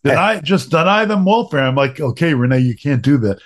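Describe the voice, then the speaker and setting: A man's voice: on the high side, expressive, brisk. A man hosting a talk show, blunt and wry, telling anecdotes as he talks. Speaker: podcast host. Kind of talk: opinionated talk show chat.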